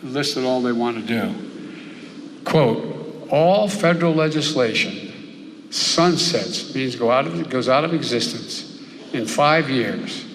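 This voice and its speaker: A man's voice: medium pitch, expressive, fairly bright tone. Older male politician rambling in an echoey hall. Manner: rambling, halting restarts. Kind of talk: campaign speech. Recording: echoey hall, faint noise.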